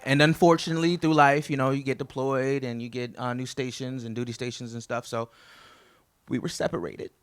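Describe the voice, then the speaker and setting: A man's voice: medium pitch, steady tone, a little fast, clean tone. A man, the best man at a wedding reception, telling stories about the groom in a chatty, joking toast.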